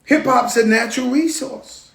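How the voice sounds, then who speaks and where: A man from the Bronx with a New York accent, talking in an emphatic, animated way as he tells stories on a casual live stream. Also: very high-pitched, moderate pace, roomy sound. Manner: emphatic, animated storytelling with call-outs to viewers. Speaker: rapper speaking on a live stream. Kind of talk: casual motivational monologue.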